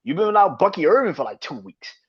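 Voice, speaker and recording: A man hosting a casual sports podcast, swearing freely and laughing between rapid opinions. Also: high voice, breathy edge. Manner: profane, animated, laughs often. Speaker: podcast host. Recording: dull lo-fi sound.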